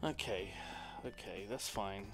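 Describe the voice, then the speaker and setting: A man's voice: fairly low pitch, takes it slowly, creaky. A man streaming a video game, chatting and rambling casually with playful asides. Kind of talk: casual gameplay commentary. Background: faint game music.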